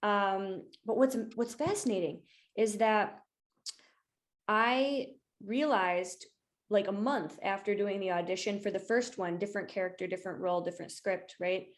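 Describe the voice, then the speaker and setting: A woman's voice: mid-range voice, moderate pace. A young adult woman, an actor, interviewing her coach in an enthusiastic, casual way with many fillers, over a video call.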